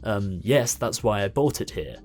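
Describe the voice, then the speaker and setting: A man's voice: on the low side, lively intonation, normal speed, darkish tone, soft background music. Man doing a rude, demanding older woman. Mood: impatient. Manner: demanding, scornful. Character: rude, impatient older mother, shopper.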